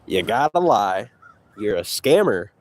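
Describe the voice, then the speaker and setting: Walking outside with a phone in hand, a man trash-talks a rival, boasting and taunting between breaths. His voice sits fairly low with a sing-song lilt, his pace is measured, and a faint hiss or hum runs underneath.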